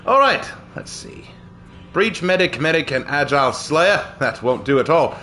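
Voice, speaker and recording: A man's voice: on the high side, sing-song, normal speed, sharp tone, slight background noise. A male gaming streamer commentating his gameplay live in an exaggerated, put-on British accent, jokey and theatrical, peppering his talk with stock posh phrases.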